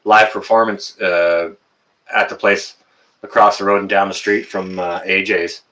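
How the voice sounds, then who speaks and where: A Canadian man in his fifties hosts a relaxed live stream and talks straight to his viewers. His voice sits fairly low and has a bright, forceful edge. He jokes and teases, and he stops often on fillers and restarts. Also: unhurried. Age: 50s. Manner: joking, teasing, many fillers and restarts. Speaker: livestream host.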